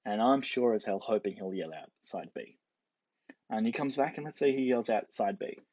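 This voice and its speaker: A man's voice: on the low side, lively intonation, normal speed, a little mellow, no echo. A man giving a casual explanatory lecture, playfully acting out the quoted characters. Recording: dull lo-fi dry recording.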